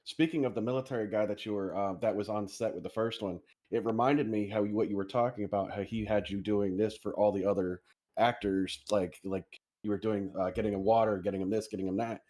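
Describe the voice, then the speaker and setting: A man's voice: fairly low pitch, fairly even intonation, a little fast, dark tone. A man hosting a casual interview, easygoing and agreeable as he asks questions. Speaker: host.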